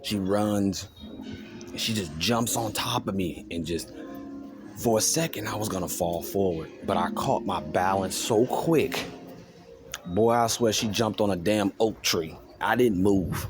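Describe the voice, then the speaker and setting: A man's voice: lowish voice, measured pace, music in the background. A man telling a rambling story on his vlog, laughing and mimicking others. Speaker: vlogger. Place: store, walking around.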